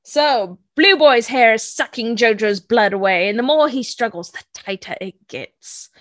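A woman's voice: on the high side, lively intonation, measured pace, fairly bright tone, no echo. A woman co-hosting a casual podcast, recapping an episode with wry laughs into a home microphone. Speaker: podcast co-host. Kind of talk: casual chat.

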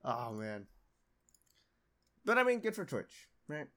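A young man hosts a casual podcast with a laid-back, rambling delivery. His voice sits at a middle pitch and he laughs easily between remarks. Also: sing-song, takes it slowly, pushed and bright. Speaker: podcast host.

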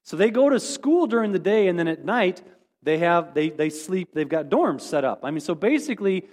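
A man's voice: sits high, expressive, normal speed, a little mellow. A man as pastor, giving a casual, rambling, self-deprecating sermon report. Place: church sanctuary. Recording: long hall reverb.

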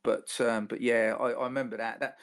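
Gravelly ex-policeman, hesitant. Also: medium pitch, level tone, fairly quick, fairly bright tone. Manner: hesitant, many restarts. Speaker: guest, former police officer. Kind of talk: casual chat.

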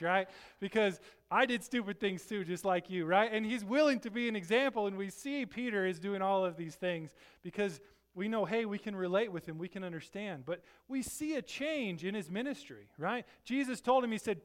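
A middle-aged pastor preaches with an easygoing, chatty manner, leaning on rhetorical "right?" asides. His voice sits notably high for a man. Every so often he pushes into loud, emphatic bursts. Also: moderate pace. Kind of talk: sermon.

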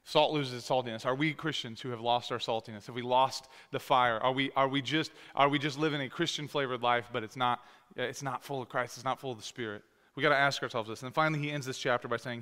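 Bright-voiced male pastor in a reverberant hall. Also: mid-range voice, fast talker. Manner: conversational, rising to loud emphatic scripture reading. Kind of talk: sermon. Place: church sanctuary.

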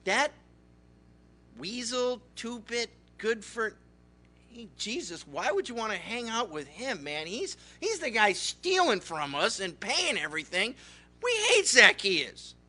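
A man's voice: high voice, very animated, unhurried, bright, forceful tone, full character voice. A man voicing a resentful townsman who mutters scornful complaints about a neighbor.

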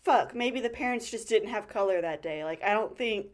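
A woman's voice: medium pitch, normal speed. Blunt, analytical woman podcast co-host. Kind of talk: casual chat.

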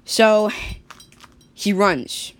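A woman's voice: mid-range voice, expressive, very slow. A woman telling an improvised story in a rambling way, full of likes and restarts. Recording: faint background noise.

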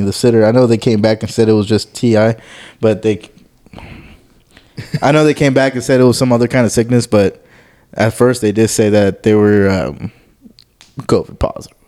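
A man's voice: on the low side, dark tone. A young man on a podcast chatting casually and laughing often as he tells work stories. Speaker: podcast co-host. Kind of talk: casual chat.

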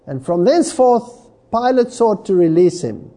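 A man's voice: very animated, warm tone. A man preaching a sermon, reading scripture aloud and commenting on it with dramatic emphasis. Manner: slow, emphatic, dramatic swings in pitch.

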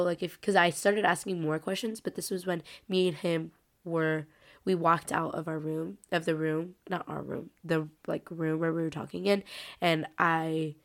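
A teenage girl hosts her podcast alone, sounding sick and a little congested. Her voice sits slightly low for a young woman. She rambles along in loose, chatty talk, stringing thoughts together with constant filler words. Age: late teens. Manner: rambling, heavy use of "like" fillers. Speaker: podcast host. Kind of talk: casual solo podcast chat.

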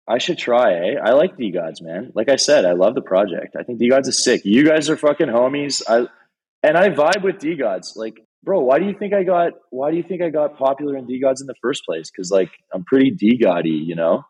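A man's voice: mid-range voice, lively intonation, moderate pace, a little mellow, breathy edge, rough recording. A man guesting on a podcast, telling long rambling stories in a laid-back way with lots of "like"s. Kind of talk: casual storytelling.

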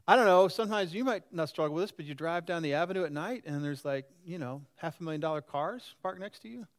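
A man's voice: fairly high pitch, quick pace. A pastor in his sixties gives a conversational sermon and often puts questions to the congregation. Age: 60s. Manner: lively and animated.

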